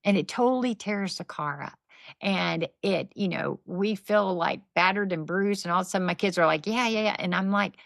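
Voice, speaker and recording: A middle-aged woman guest telling lively, faith-based stories and acting out what people said in casual conversation. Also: mid-range voice, normal speed, vocal fry, dry recording. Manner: animated, faith-based storytelling with acted-out quotes. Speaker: podcast guest, nonprofit founder. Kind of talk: conversational storytelling.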